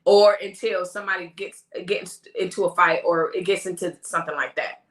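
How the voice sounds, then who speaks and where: A woman hosting a casual live-stream chat, animated and laughing, mimicking the people she talks about. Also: on the low side, normal speed, echoey room. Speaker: host of a live talk stream.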